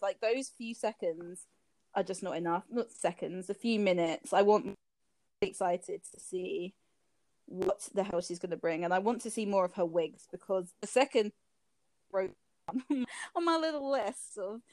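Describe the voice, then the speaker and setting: A woman's voice: medium pitch, a little mellow, no echo. A woman co-hosting a casual chat podcast in a mid-range voice. She is giggly and cheeky and swears freely. The sound is dry and close. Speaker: podcast co-host.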